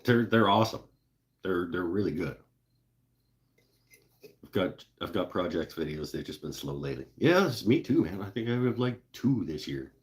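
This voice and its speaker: A woodworking channel host holds a relaxed live-stream chat, wandering from topic to topic with casual swearing. He speaks low and expressively at normal speed, leaving long pauses.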